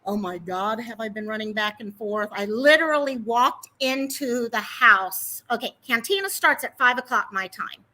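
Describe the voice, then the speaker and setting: A woman's voice: a little high, expressive, moderate pace, few pauses, sharp tone, low-quality recording. A woman hosting a casual livestream, chatty and rambling as she greets viewers by name. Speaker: livestream host.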